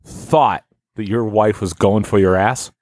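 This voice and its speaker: A man co-hosting a podcast, teasing his partner with deadpan interjections in casual chat. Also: on the low side, a little slow, no echo, studio quality. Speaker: podcast co-host.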